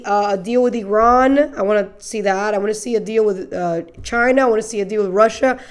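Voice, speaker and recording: A young woman hosting a podcast, chatting loosely about the news, joking and laughing often, with casual swearing. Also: a little high. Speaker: podcast host. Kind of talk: casual political commentary.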